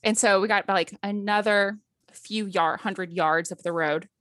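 A woman's voice: medium pitch, fairly even intonation, a little slow, fairly bright tone, no echo, studio quality. A woman in her thirties, a podcast guest telling a personal story in casual conversation, acting out quotes and laughing often.

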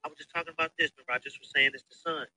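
A man in his thirties hosting a casual podcast, telling profane, animated stories. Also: on the high side, very fast, rough recording. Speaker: podcast host. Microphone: phone.

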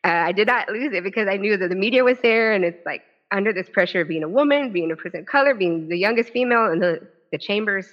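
A woman who is an author and former legislator tells a personal story from a podium at a live event. She talks in an animated way, with quick restarts and quoted dialogue. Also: medium pitch. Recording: dull lo-fi event recording.

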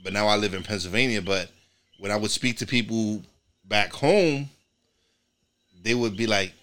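A man's voice: fairly low pitch, normal speed, pauses often, fairly bright tone. A man from New York hosting a podcast in casual chat, rambling with many restarts and repeated words. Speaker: podcast host.

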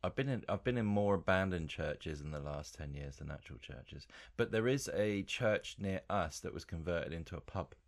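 A man's voice: deep voice, animated, normal speed, hardly any pauses, no echo, clean studio sound. A young man co-hosting a podcast, joking in a mock-preachy way. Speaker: podcast co-host. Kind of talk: casual comedic chat.

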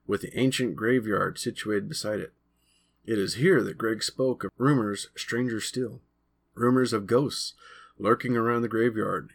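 A man narrating a chapter of his own novel in a measured, steady reading voice. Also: on the low side. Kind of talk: audiobook-style narration.

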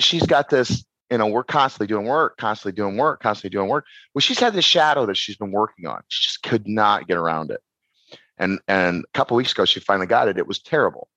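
A man's voice: medium pitch, fairly quick, no room sound, lo-fi sound. A man, a podcast guest who does shadow work, talking casually, rambling and restarting his sentences. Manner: rambling, repeats words and restarts, animated.

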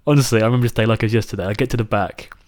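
A British man in his twenties co-hosting a podcast, telling an animated childhood story and swearing casually. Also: fairly low pitch, rapid-fire. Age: 20s. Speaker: podcast co-host.

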